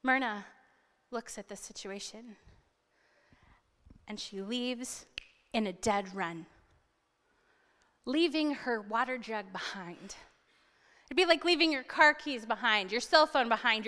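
Animated woman preacher, high voice, storytelling sermon in a reverberant hall. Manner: animated, dramatic retelling with asides.

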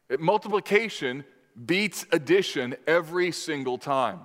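A man preaching a sermon in a measured, emphatic way, putting questions to the congregation. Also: on the high side, fairly bright tone. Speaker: pastor. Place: church sanctuary. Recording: long reverb in a large hall.

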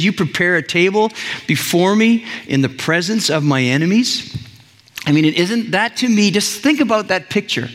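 Male pastor, slightly high voice, earnest conversational sermon, long hall reverb. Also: fairly bright tone. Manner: earnest, conversational preaching with many restarts.

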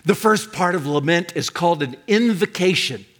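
An older pastor delivering a sermon in a high, bright voice. He speaks emphatically and swings up into loud, ringing cries on the words he wants to land. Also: expressive, moderate pace.

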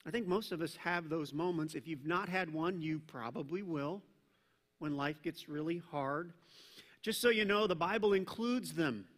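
A male pastor preaching a sermon in a conversational, animated way, with casual asides to the congregation. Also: on the high side, moderate pace. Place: church sanctuary. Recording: reverberant church hall.

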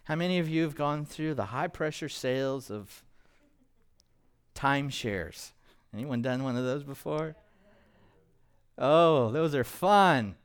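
A male pastor preaching a sermon to a congregation, animated and quizzing the listeners with questions. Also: mid-range voice, slow pace, long pauses, smooth. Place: church, in front of a congregation.

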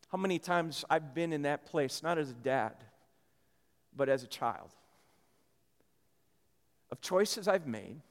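A man preaching a sermon in a church, telling a story in a lively way with many restarts. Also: sits high, big-room sound. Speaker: pastor.

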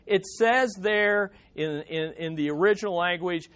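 A man's voice: sits high, lively intonation, moderate pace, hardly any pauses, fairly bright tone. A man preaching a sermon, reading scripture aloud and rising to emphatic quotes. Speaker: pastor.

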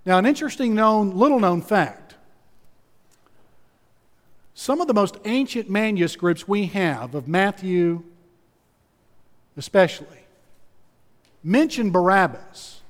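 A male pastor delivers a sermon with emphatic storytelling, repeating key phrases for weight. His voice sits high for a man. A long reverb trails behind him, as in a large hall.

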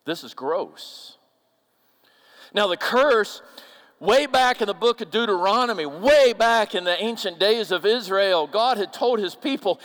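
A male pastor from the upper Midwest preaching a sermon, animated, swinging between loud emphasis and hushed asides. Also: high voice, measured pace. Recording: long reverb of a church hall.

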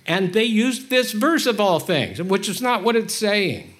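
In a high-pitched voice and at a slightly slow pace, a man preaches in a conversational style. His sermon is frank and self-deprecating, alternating between hushed and lively moments.

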